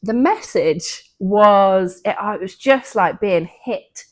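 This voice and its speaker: A woman's voice: mid-range voice, expressive, takes it slowly. Earnest woman telling her story. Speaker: podcast co-host. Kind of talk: casual personal testimony.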